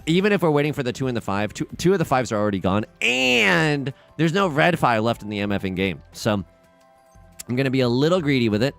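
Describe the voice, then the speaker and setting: A man streaming a mahjong game, chatting in a rambling, excitable way and shouting when the game turns. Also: mid-range voice. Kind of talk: livestream commentary over a mahjong game.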